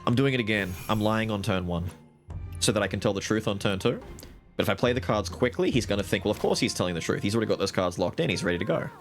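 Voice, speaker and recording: A man streaming a card game live, narrating his strategy, swearing and trash-talking the other players, with bursts of loud excitement. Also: lowish voice, fast talker, soft background music. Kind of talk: live gaming commentary.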